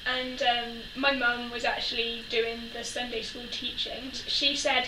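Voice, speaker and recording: A woman's voice: fairly high pitch, little pitch movement, a little slow, hardly any pauses. A young woman telling childhood stories in a casual vlog, giggling and acting out the people she quotes. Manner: giggly, acts out quoted voices. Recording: echoey room from a distance, faint noise.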